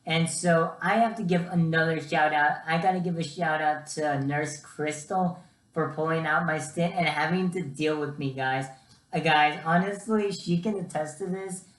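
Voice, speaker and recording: A man's voice: a little high, fairly even intonation, normal speed, a bit bright. Chatty young man in an echoey room. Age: young adult. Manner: chatty, keeps addressing viewers as guys. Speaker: vlogger. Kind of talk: casual storytelling vlog.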